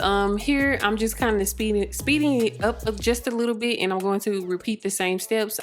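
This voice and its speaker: A young woman chatting casually as she narrates her own hair tutorial, laughing often and rambling with fillers. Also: medium pitch. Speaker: beauty vlogger.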